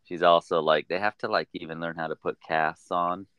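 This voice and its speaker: A man co-hosting a podcast, chatting in a relaxed, rambling way with lots of fillers. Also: low-pitched, moderate pace, smooth, no room sound, lo-fi sound. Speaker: podcast co-host. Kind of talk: casual chat.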